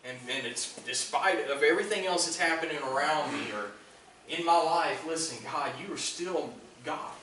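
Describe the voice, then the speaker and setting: A man's voice: a little high, normal speed, distant mic. Male pastor preaching earnestly, recorded from afar in a very echoey church with background noise. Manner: earnest preaching, repeats "listen" for emphasis. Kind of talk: sermon. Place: church sanctuary.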